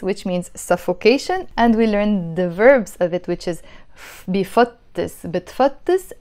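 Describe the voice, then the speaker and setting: Woman language teacher, patient and repetitive, clear explanations. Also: medium pitch, a little mellow. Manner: patient, repeats each phrase slowly then quickly. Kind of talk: explaining vocabulary.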